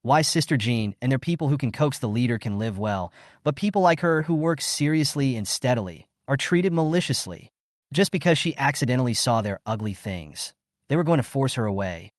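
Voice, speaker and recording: A man reading a scripted story recap in steady storytelling narration. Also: mid-range voice, a little fast, dry recording, clean studio sound.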